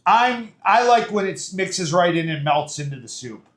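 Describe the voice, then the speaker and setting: A man's voice: high-pitched, expressive, moderate pace, echoey room. A man hosting a casual home cooking show, chatting folksily through each step from his kitchen with plenty of fillers.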